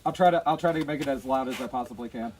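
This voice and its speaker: A man's voice: mid-range voice, rapid-fire, background noise. A man hosting a stream, chatting casually, rambling and swearing, with lots of fillers and restarts. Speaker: streamer, host. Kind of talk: casual chat.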